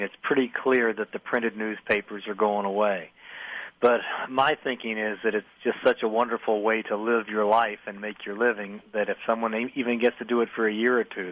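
A man's voice: fairly low pitch, no room sound. An older man, an author, reminiscing as a guest in a radio interview, telling stories with many restarts. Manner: storytelling, many restarts, acts out voices in anecdotes. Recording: slightly dull radio audio.

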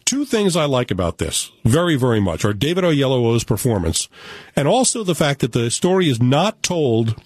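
American male film critic, animated and opinionated, casual chat, dry close mic. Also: medium pitch, normal speed, dry recording. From United States.

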